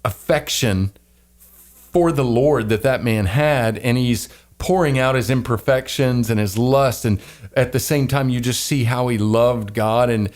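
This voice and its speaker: A middle-aged man with a faint Southern lilt talks at a moderate pitch, rambling and circling back on his thoughts. He trades jokes with his co-host in a loose, casual podcast chat. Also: measured pace, a little mellow. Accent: light Southern American. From American South. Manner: rambling, self-interrupting, joking.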